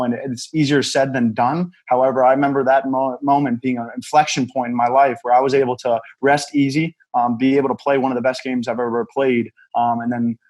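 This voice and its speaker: A man who is a former college athlete, speaking in a measured, reflective way. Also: mid-range voice, a little mellow, poor audio. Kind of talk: podcast conversation.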